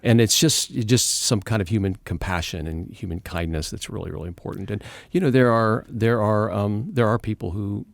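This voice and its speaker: A man's voice: on the low side, normal speed, creaky, few pauses, no room sound. A man who leads a Christian charity, talking earnestly in an interview and telling a personal story. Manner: earnest, storytelling, many restarts. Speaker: executive director of a Christian charity. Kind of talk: conversational interview.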